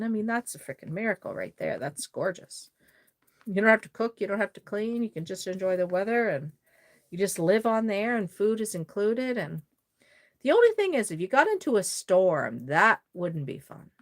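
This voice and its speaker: A woman with a Cape Breton Maritime Canadian accent, hosting a casual livestream and chatting effusively with viewers while she works. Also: mid-range voice. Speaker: doll-making livestream host.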